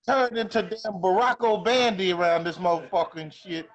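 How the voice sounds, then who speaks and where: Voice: mid-range voice, moderate pace, muffled recording. A caller joining a live chat, teasing and profane in joking banter.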